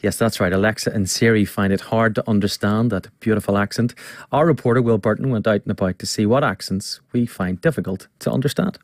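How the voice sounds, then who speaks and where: A man's voice: lowish voice, brisk, no room sound. A man presenting a radio show in a studio, chatty and jokey as he interviews a guest.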